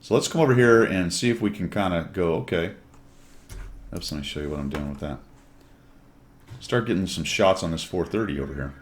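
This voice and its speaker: Deep-voiced man doing chatty game commentary. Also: lively intonation, a little fast, long pauses, slight background noise. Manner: chatty, wry, jokey asides to viewers. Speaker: gameplay commentator.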